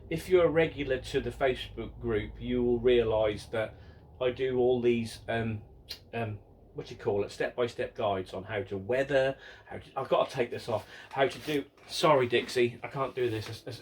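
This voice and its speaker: Speaking in a mid-range voice at a moderate pace, with a little hiss or hum on the recording, a man fields questions in a casual vlog about his model railway. He rambles, repeats words and teases himself, sounding exasperated.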